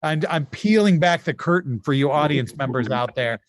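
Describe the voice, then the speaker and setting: A man hosting a streamed insult comedy game, brisk and joking, often laughing as he reads out the rules. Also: fairly high pitch, lively intonation, no room sound, studio quality.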